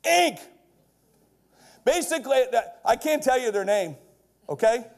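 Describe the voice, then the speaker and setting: A middle-aged man giving a brash, punchy keynote to a live audience, building to loud shouted punchlines and checking in with "okay?". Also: very high-pitched, expressive, measured pace, gravelly. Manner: keeps checking in with the crowd with "okay?". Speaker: keynote speaker. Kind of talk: energetic stage keynote. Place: large lecture hall before a live audience.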